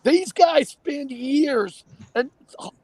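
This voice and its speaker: A man hosting a casual talk show, animated and emphatic, often repeating himself. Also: very high-pitched, very slow, dry recording. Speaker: show host.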